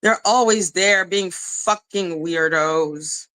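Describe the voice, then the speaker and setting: Profane, ranting woman with a bright voice. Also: on the low side, slow, rough recording. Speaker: livestream commentator. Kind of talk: casual livestream rant.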